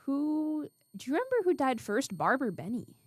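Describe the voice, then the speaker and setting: A woman's voice: high voice, sing-song, moderate pace, no echo, studio quality. A young woman co-hosting a casual podcast chat, thinking aloud with frequent restarts. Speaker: co-host.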